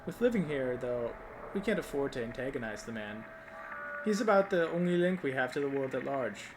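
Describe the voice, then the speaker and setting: A man's voice: mid-range voice, expressive, fairly quick, close to an everyday voice. A man voicing a kind, chatty middle-aged landlady in a solo tabletop game, in a noisy recording. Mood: motherly.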